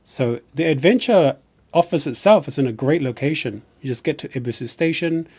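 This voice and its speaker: A man's voice: on the high side, animated, moderate pace, darkish tone, breathy edge. A man from New Zealand with a New Zealand accent, chatting casually on a live stream in a rambling way and often restarting his sentences.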